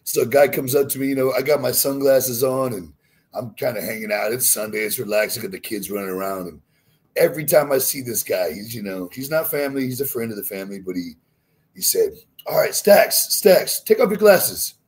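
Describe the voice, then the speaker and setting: A man's voice: mid-range voice, fairly quick, darkish tone, breathy edge. A man, a bodybuilding YouTuber, telling laid-back stories in casual podcast chat and acting out the quoted lines.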